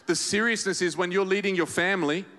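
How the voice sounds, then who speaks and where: A man preaching a sermon as pastor, animated storytelling to his congregation in a large auditorium. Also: high voice, fast. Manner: animated storytelling preacher, acts out quoted voices. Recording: reverberant hall.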